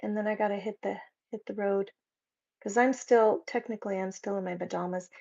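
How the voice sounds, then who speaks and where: A woman hosting a casual live chat, reading out viewers' comments and joking around with a quick laugh. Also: medium pitch, steady tone, gravelly, mellow. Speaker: livestream host. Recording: slightly dull lo-fi stream audio.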